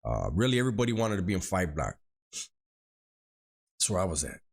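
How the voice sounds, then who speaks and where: Ex-con storyteller, middle-aged man, deep voice, slangy and repetitive. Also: sing-song, normal speed, creaky. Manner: street slang, repeats words, acts out quoted dialogue. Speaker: former prisoner telling his story. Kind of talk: casual spoken storytelling.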